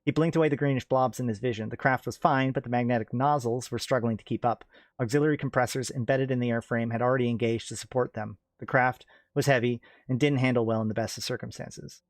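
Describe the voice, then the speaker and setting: Brief: male narrator, mid-pitched, steady read of space fiction, dry close sound. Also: fast, no echo. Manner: steady reading with occasional self-corrections. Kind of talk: reading sci-fi fiction aloud.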